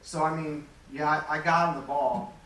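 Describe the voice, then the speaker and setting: A man's voice: on the high side, fairly even intonation, moderate pace, fairly bright tone. A man around forty from Metro Detroit, telling candid, self-deprecating stories as a Hall of Fame inductee giving an acceptance speech. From Metro Detroit, Michigan. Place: large hall. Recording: echoey hall, distant mic, faint hum.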